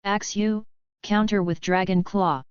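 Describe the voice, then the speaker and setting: A woman's voice: medium pitch, fairly even intonation, a little slow, clear, resonant tone, dry recording, natural voice. A woman voicing a young male trainer who calls out commands, in a dull lo-fi recording. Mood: commanding. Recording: dull lo-fi dry audio.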